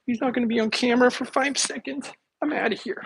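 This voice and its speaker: A man putting on the voice of a whiny, impatient male viewer who complains in a high, mocking tone. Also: steady tone, fast, gravelly, breathy edge, full character voice, poor audio. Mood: mocking whine.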